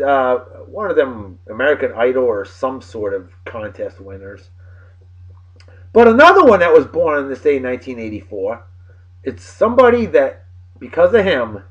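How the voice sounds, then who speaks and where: A man from New of the region, hosting a casual video blog with boisterous, jokey shout-outs. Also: medium pitch, sing-song, moderate pace, highs cut off. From New England.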